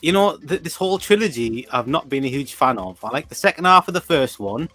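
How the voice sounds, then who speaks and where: A man's voice: a little high, expressive, brisk, pushed and bright, soft background music. Easygoing man chatting. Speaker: podcast co-host. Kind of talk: casual chat, film review.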